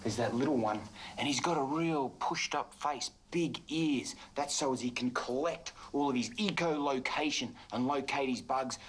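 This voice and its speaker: A man's voice: medium pitch, normal speed, slightly rough, low-quality recording. An Australian wildlife presenter, outdoors in the jungle, talking with great enthusiasm and chatting fondly to the animals he handles. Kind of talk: excited on-location wildlife commentary.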